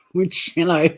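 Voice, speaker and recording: An Australian woman hosting a livestream, giving chatty, blunt commentary with laughing asides. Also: lowish voice. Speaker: livestream host. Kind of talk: casual live commentary.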